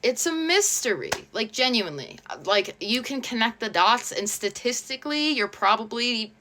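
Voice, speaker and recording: Sarcastic woman with a bright edge. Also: on the high side, moderate pace, a little hiss or hum. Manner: sarcastic, blunt and opinionated. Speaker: online creator reading posts. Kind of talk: casual commentary on read-aloud posts.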